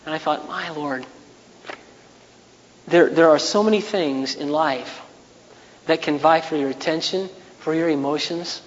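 A man preaching a sermon in an earnest way, now and then rising into loud, raised passages. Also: fairly high pitch, unhurried, long pauses, big-room sound, highs cut off. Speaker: pastor.

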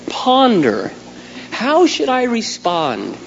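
A middle-aged man preaching a sermon as a pastor, swinging from quiet asides to loud, emphatic outbursts. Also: on the high side, lively intonation, normal speed, dull audio, some chatter behind. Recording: long hall reverb, faint hum.

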